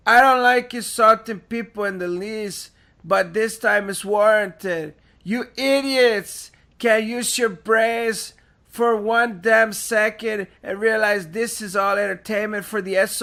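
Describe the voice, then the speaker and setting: A man's voice: high-pitched, heavily acted. A man putting on a furious scolding forum ranter. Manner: loud, exasperated scolding in a put-on accent. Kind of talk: dramatic reading of a forum post.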